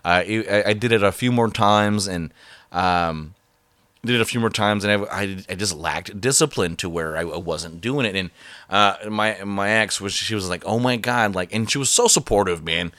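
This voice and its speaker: A man telling a personal story in a casual, halting way, full of fillers and restarts. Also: lowish voice, fairly bright tone, no room sound.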